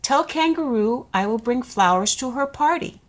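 A woman's voice: a little high, lively intonation, pitched above the performer's own voice, lightly acted. A woman voicing a lazy, sleepy male lion who yawns his way through his lines, reading a storybook aloud. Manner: drowsy, unhurried.

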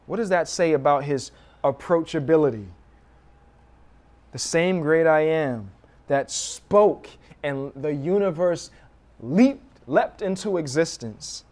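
A man's voice: fairly high pitch, expressive, slow pace, darkish tone. A young American man preaching a sermon as a guest pastor, telling stories with animation and acting out the cries of children.

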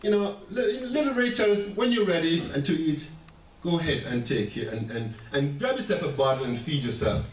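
A man preaching a sermon as pastor, animated, with laughing asides and stammering restarts. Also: a little high, moderate pace, slight background noise. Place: church sanctuary. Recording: echoey church room heard from a distance.

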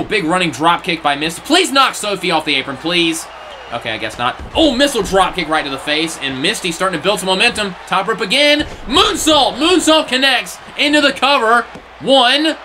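Young guy calling a wrestling game, high bright voice, jumps all over, shouts at big moves, a bit of hiss. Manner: animated, rising to shouts at big moves, exasperated asides. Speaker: play-by-play commentator. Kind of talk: excited video game wrestling commentary.

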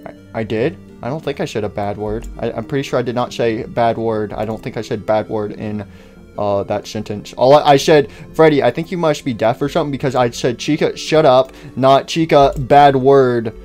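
A man voicing a cheeky young boy who mumbles low and evasive denials in a game-based cartoon. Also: fairly quick, darkish tone, faint music behind, natural voice.

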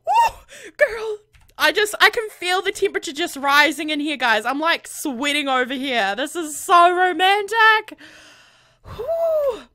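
A high, lively woman doing let's-play commentary into a USB condenser mic. She gushes and squeals in a bright, sharp tone, her pitch leaping all over the place. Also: unhurried. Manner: bubbly, gushing, squeals with excitement. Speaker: gaming video creator. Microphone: USB condenser microphone.

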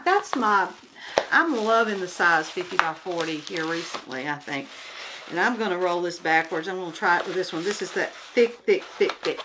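A woman's voice: medium pitch, background noise. A woman chatting casually and rambling at home as she shows her craft projects, with many restarts and fillers. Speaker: craft vlogger. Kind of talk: casual chat while showing crafts.

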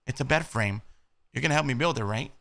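In this horror let's play, a young male YouTuber is jumpy and swears, covering his nerves with jokes and bursting out when startled. He speaks quickly at a medium pitch, with a gravelly, bright, forceful voice.

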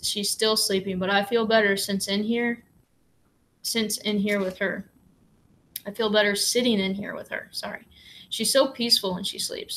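A woman reading a novel aloud in a measured, gentle way. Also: medium pitch. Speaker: audiobook reader.

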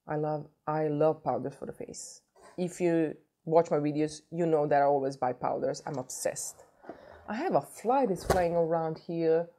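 Low-voiced excitable woman with a cold. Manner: gushing, excitable, repeats herself. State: has a cold. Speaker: beauty vlogger. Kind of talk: unboxing chat.

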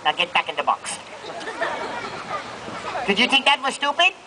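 Sarcastic street performer man, lively pitch. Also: normal speed. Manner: sarcastic, self-mocking crowd banter. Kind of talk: outdoor street show comedy patter. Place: outdoor street festival crowd. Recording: noisy outdoor crowd recording. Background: crowd and children.

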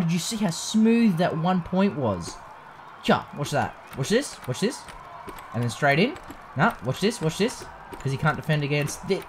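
A man's voice: fairly high pitch, background noise. A young man casually commentating a video game playthrough, joking and swearing freely. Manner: profane, joking, animated. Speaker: let's play host.

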